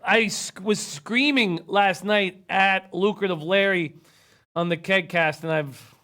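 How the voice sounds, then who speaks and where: High-pitched man losing his voice. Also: slow pace, pushed and bright. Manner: reads viewer comments, rattles off stats. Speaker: sports betting show host. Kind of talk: casual sports betting talk.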